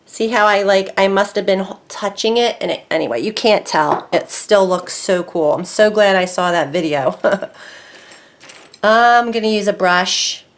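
A woman hosting a casual crafting video, chatting as she works. She is easily excited and thinks aloud between steps. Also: on the low side. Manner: chatty, excitable, talks to herself while working.

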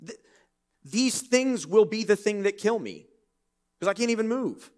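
A man preaching a sermon in a church, reading scripture and breaking into lively, conversational, joking asides. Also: sits high, unhurried. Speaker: pastor.

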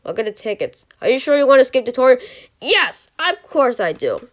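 Excitable young gamer with lively pitch. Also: female voice, brisk. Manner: excitable, yelps and groans at misses; rambling, restarts sentences. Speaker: gaming channel host. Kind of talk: mobile game commentary.

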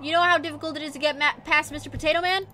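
Young woman streamer for horror let's-play, high and piercing, mutters then screams. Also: steady tone, racing, pushed and bright, slight background noise. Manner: jumpy and profane, mutters low then yelps in fright. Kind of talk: casual let's-play commentary.

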